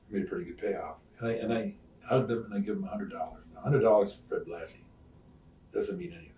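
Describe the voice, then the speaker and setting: An older retired wrestler telling stories in an interview, acting out the voices of others with loud swings. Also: male voice, on the low side. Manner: animated storyteller, acts out quoted voices, loud swings. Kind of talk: shoot interview storytelling. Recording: roomy sound, mic at some distance.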